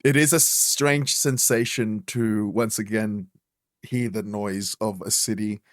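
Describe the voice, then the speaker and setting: A man's voice: on the low side, fairly even intonation, takes it slowly, no room sound, studio quality. A man narrating as game master of a tabletop game, hesitant and full of fillers.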